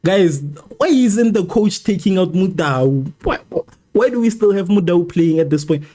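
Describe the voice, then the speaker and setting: Hosting a football watchalong stream, this man has a soft, mellow voice pitched a little high. Expressive and speaking at normal speed, he worries over the match, keeps circling back to his gripes, and bickers with viewers in chat.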